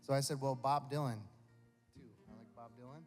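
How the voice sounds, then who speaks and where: A man's voice: medium pitch, fairly even intonation, fairly quick. Rambling, self-mocking man on a reverberant stage. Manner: chatty, self-mocking, swears casually. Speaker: guest singer-songwriter. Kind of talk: rambling onstage anecdote. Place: live concert stage. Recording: long hall reverb, faint guitar.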